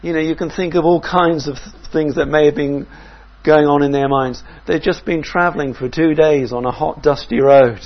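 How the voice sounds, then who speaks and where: A man preaching a sermon in a measured, reflective way, often asking his listeners questions. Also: a little high, steady tone, highs cut off.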